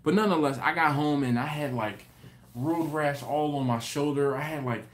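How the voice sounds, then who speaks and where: A man hosting a live stream, telling a story in an animated, rambling way with many restarts. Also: on the high side, normal speed, a little hiss or hum. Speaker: host. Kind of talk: casual live-stream chat.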